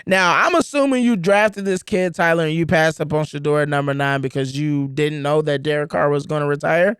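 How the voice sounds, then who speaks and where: Animated, emphatic man, higher voice. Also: a little fast, clear, resonant tone, no room sound, clean studio sound. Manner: animated, emphatic, repeats words for effect. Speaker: podcast co-host. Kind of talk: casual sports chat.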